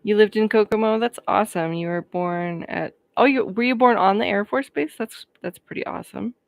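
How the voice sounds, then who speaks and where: With a creaky, medium-pitched voice and no echo, this woman in her thirties hosts a livestream from Colorado, USA. She reads out live comments and replies in relaxed conversation, sociable and quick to laugh.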